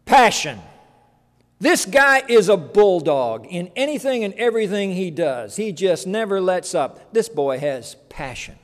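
A man preaching, voicing Jesus as a calm, knowing grown man in his storytelling. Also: high voice, unhurried, in a large hall. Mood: emphatic. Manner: quiet and confident, rises to a shout.

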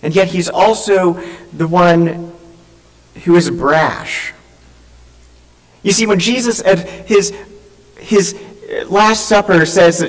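Preacher, male, dramatic storytelling sermon, slightly high voice, echoing sanctuary sound. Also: fairly even intonation, slow pace, pauses often. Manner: retells scripture dramatically, acting out quoted voices. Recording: long hall reverb.

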